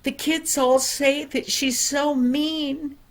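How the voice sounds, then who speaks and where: A woman's voice: sits high, fairly even intonation, slow pace, voice pushed up. A grandmother voicing a nervous, stammering young boy. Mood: worried. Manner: stammering, pleading.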